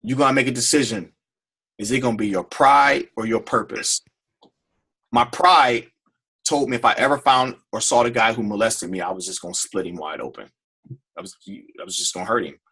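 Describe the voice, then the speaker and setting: Husky, bright-voiced man telling his story. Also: on the low side, moderate pace. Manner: emotional storytelling, frequent repeats and restarts. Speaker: speaker on a team call. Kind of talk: personal testimony to a group.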